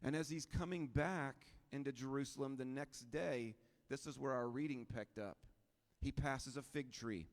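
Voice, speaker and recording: A man's voice: mid-range voice, moderate pace. A male pastor preaching in an easy, conversational way, often tossing rhetorical questions to the congregation. His voice sits in an ordinary middle register. The sound carries a long reverb from the church hall. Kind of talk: sermon.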